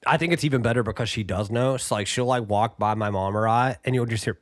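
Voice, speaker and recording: A man's voice: mid-range voice, quick pace, no room sound. A man chatting casually as a podcast guest in a studio, rambling with lots of "like" and laughing through his stories. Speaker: band member guest.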